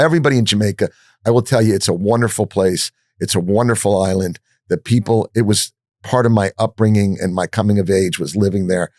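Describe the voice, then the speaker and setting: Blunt, low-voiced man spinning a profane tale. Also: dry recording, studio quality. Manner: blunt, profane, animated storytelling with frequent restarts. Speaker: podcast guest. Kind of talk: storytelling in a podcast interview.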